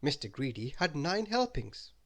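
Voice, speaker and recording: Man, bedtime story read-aloud, expressive, animated intonation. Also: on the high side, moderate pace. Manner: lively, expressive reading.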